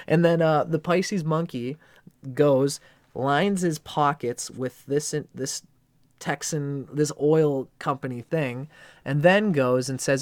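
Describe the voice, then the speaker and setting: A man's voice: on the high side, takes it slowly, no room sound, studio quality. Rambling male astrology livestreamer. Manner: rambling, animated, swears casually. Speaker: astrology channel host. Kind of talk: casual livestream talk.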